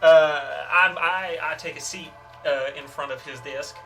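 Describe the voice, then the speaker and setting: A man playing a tabletop game, smooth-talking and persuasive, halting with fillers. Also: a little high, fairly even intonation, bright, forceful tone, distant mic, soft background music. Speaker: player.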